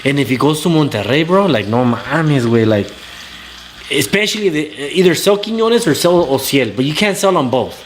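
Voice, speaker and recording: A man's voice: a little high, animated, moderate pace, a little hiss or hum. Ranting man. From Southern California. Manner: profane, blunt, ranting. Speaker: talk show host reading live chat. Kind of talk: casual livestream rant.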